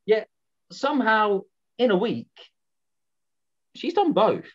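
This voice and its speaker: Over a dull, lo-fi video call, a woman with a husky, medium-pitched voice plays a cocky, lovesick young man in an online student drama. She speaks slowly but very animatedly, exaggerating her voice, and her mood and manner are gossipy and conspiratorial.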